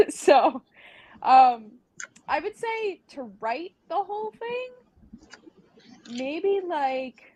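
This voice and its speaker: A woman's voice: very high voice, very animated, drawn-out words, long pauses, dark tone. A woman, a band's singer, chatting casually as a guest on a podcast, with many ums and likes.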